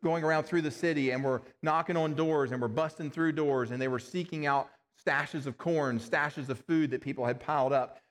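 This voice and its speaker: A man's voice: on the high side, fairly even intonation, normal speed, hardly any pauses. Man preaching in an echoing hall. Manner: earnest, plain-spoken, stumbles and restarts words. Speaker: pastor. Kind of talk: sermon. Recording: long reverb of a large hall.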